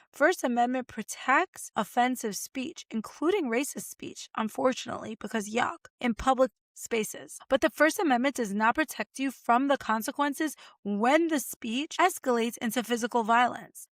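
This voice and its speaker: A woman's voice: fairly high pitch, no echo. Chatty lawyer woman, dry close sound. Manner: chatty, expressive, addresses listeners directly. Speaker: lawyer podcast host. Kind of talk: legal commentary podcast.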